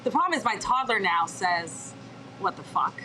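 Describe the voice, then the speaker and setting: Playful female guest, casual and profane, clear noise on the track. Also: medium pitch, very animated, moderate pace, pushed and bright, poor audio. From born in Dallas, Texas, USA. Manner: playful, laughing, swears freely. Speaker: guest, TV show producer. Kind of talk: casual interview chat.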